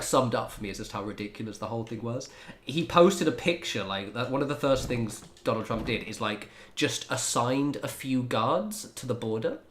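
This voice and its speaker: A man chatting casually to his viewers while he plays a game on a livestream, laid-back, laughing often and swearing freely. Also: mid-range voice. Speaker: game streamer.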